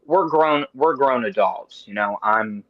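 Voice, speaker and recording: Man in his thirties, podcast host, animated rambling rants with profanity. Dry, lo-fi sound. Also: medium pitch, a little slow, dry recording. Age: 30s. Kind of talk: casual chat.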